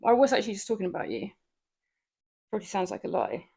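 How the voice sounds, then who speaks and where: A woman's voice: medium pitch, big pitch swings, fast talker, creaky, warm tone, husky. A woman livestreaming from her home gym, chatting casually with viewers between lifts, laughing often and swearing now and then. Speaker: livestreamer working out.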